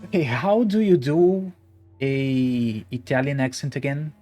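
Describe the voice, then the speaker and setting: A man's voice: medium pitch, measured pace, dark tone, soft background music. A man streaming a game live, chatting casually and self-deprecatingly, stumbling over his words at a desk microphone. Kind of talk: live-stream gameplay chat and reading.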